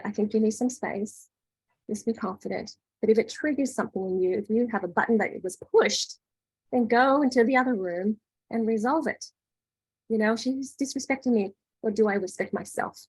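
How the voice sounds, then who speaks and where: A woman leading an online workshop as a spiritual coach, giving gentle advice and often asking "right?". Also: a little high, normal speed, breathy edge, dry recording, low-quality recording. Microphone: video call.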